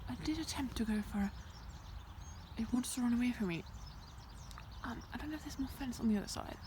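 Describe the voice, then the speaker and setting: This casual walking vlog features a young woman with a fairly high, darkish-toned voice who talks fast. She speaks nervously to the camera as she walks on a rural hillside, often dropping to a whisper, and the outdoor audio is noisy.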